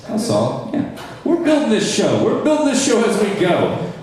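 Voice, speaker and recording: In a small live comedy room, a young man from North Charleston, South Carolina, USA, performs for a small audience in a high, darkish voice with huge pitch swings, talking a little slowly. Captured on a distant mic in an echoey room, he jokes at his own expense while working the crowd wryly.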